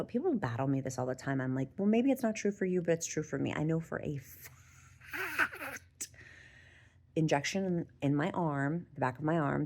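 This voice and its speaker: A woman's voice: deep voice, gravelly, darkish tone. A middle-aged woman vlogger talking casually and candidly to her viewers, chatty and emotional. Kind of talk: casual talk to camera.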